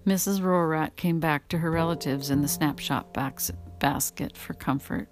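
A woman's voice: sits low, moderate pace, faint music behind. A woman casually reading a memoir aloud, amused and prone to breaking into laughter. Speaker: reader.

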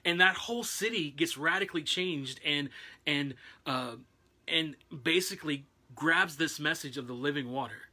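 Casual preacher, conversational, bright and forward tone. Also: male voice, on the high side, normal speed. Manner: loose and conversational, with restarts. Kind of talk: casual sermon retelling a Bible story.

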